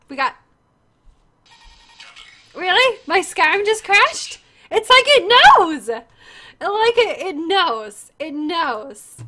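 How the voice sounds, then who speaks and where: Very high, bright-voiced tearful woman streamer. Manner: gushing, apologetic, flustered. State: tearful, crying. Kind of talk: live stream chat thanking donors.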